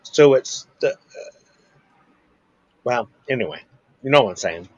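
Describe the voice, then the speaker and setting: A man speaks slowly, patiently explaining rhythm and scatting beats aloud. The recording is dry and close, with no room echo. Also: mid-range voice, animated, a little mellow, highs cut off. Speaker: musician guest. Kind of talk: casual chat.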